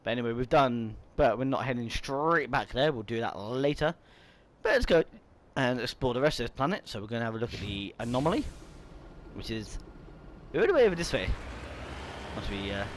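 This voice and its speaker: A man talking through a video game in a loose, rambling way, stopping himself now and then with hiccups. His voice sits at an ordinary middle pitch, and faint game and vehicle noise hums quietly behind him. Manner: chatty, rambling, with hiccups and restarts. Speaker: gaming YouTuber. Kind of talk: casual let's-play commentary.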